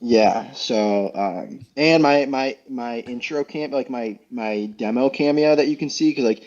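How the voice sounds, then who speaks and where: A young man rambles through a funny story, full of fillers and false starts and amused at himself. His voice sits mid-pitch. The audio is a little dull. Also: a little slow, a little mellow. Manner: rambling, self-amused, lots of fillers and restarts. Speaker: podcast guest. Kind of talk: casual storytelling chat.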